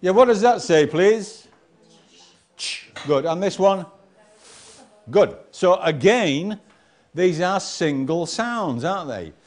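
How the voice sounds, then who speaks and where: Slow-paced man teaching phonics. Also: high voice, animated. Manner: slow, drilling nonsense syllables for a class. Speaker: reading teacher. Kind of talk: classroom-style phonics lesson.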